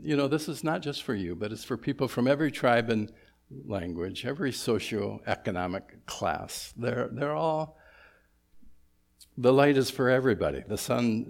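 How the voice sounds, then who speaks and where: A man's voice: lowish voice, vocal fry, a little mellow. A man preaching a sermon in a church, conversational and sprinkled with humorous asides. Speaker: pastor.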